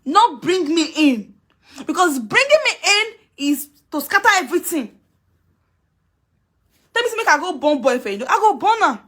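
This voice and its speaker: A woman's voice: very high-pitched, very animated, moderate pace, long pauses, fairly bright tone. A woman speaking Nigerian Pidgin English, ranting on a live video, scolding and taunting someone and repeating herself. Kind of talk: heated live video rant.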